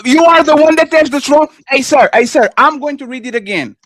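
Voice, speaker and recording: Heated high-voiced guy, english not his first language, keeps cutting in, dry close mic. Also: expressive, a little fast, fairly bright tone, dry recording. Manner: combative, repeats "sir" and "stop being emotional" to cut in. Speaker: co-host. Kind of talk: heated live panel argument.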